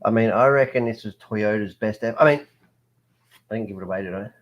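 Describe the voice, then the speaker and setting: A man's voice: on the low side, fast talker, dull audio. A man hosting a hobby show, joking and rambling in casual chat.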